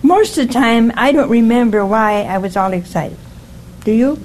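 A woman's voice: a little high, expressive, moderate pace, a little mellow, a little hiss or hum, rough recording. An older woman giving an informal, folksy sermon, often stopping to ask "see?" and putting questions to her listeners. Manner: folksy, keeps asking "see?". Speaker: preacher.

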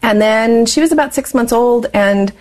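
A woman's voice: fairly high pitch, normal speed, a little mellow. A woman in her forties, an interview guest telling her life story candidly and laughing often as she talks.

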